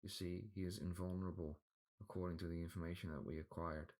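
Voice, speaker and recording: A man doing a steady male group leader. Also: sits low, fast talker.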